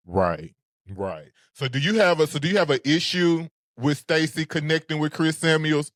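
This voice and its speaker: A man co-hosting a casual recap show, talking in a sassy, animated way. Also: a little high, moderate pace, no room sound, studio quality. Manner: sassy, animated, sings phrases. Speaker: podcast co-host.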